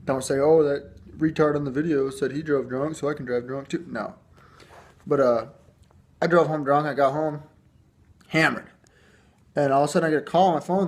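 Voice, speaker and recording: A young man from Michigan telling a long story to camera in a casual, rambling, profane way. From Michigan, USA. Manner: profane, rambling, acts out the cops in a higher pitch. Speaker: vlogger.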